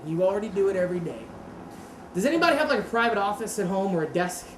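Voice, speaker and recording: A woman's voice: medium pitch, fast. A woman teaching a martial arts seminar, talking casually, quizzing the class and correcting herself. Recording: roomy echo with steady background noise.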